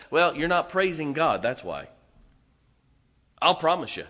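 A man, preaching emphatically as a pastor and now and then singing slowly. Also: fairly high pitch, big pitch swings, pushed and bright. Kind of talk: sermon. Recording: reverberant church hall.

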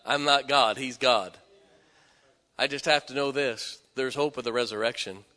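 Bright-voiced man preaching in echoey hall. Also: mid-range voice, fairly even intonation, normal speed. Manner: storytelling, swells from hushed to loud exhortation. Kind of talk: sermon. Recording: echoey hall with long reverb.

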